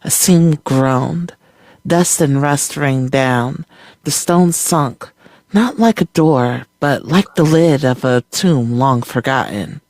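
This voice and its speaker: Slow, calm story narrator. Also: medium pitch, no echo. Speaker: reader.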